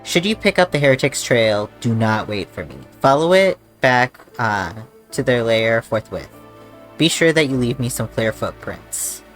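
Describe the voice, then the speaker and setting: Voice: medium pitch, lively intonation, measured pace, natural voice. A streamer reading out a solemn male knight commander's lines from a fantasy game, in their own everyday voice. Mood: earnest. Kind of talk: reading game dialogue aloud. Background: faint game music.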